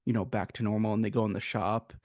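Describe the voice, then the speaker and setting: A man's voice: lowish voice, steady tone, quick pace, a little mellow, no room sound, studio quality. A man co-hosting a casual film review, making earnest points with rhetorical questions. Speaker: podcast co-host.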